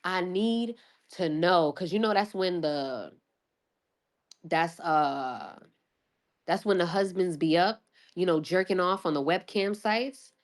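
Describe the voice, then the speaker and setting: Excitable swearing woman livestream host. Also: lowish voice, slow pace. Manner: excitable, swears freely, laughs often; rambling with frequent restarts and fillers. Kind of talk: casual livestream chat.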